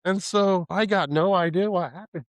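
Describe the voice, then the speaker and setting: A man's voice: sits high, normal speed, no room sound, rough recording. A man telling a rowdy story in a casual chat, swearing freely, laughing often and acting out the other people's lines. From Pacific Northwest of the US. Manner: profane, animated, laughs often, acts out quoted voices. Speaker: podcast host telling a story.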